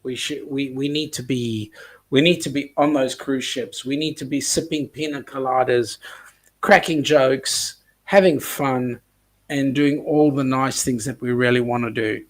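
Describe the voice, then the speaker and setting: A man's voice: medium pitch, fairly even intonation, unhurried. A man with an Australian accent hosting a casual livestream chat, rambling with many ums and reading viewer comments aloud. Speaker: host of a cruise chat livestream.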